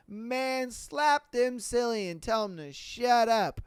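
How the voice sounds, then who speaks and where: A man's voice: very high-pitched, unhurried, few pauses, smooth, dry recording, studio quality. A man hosting a podcast alone, ranting bluntly in casual slang with plenty of swearing. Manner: blunt, profane, animated, with slang. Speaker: podcast host. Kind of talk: casual solo rant.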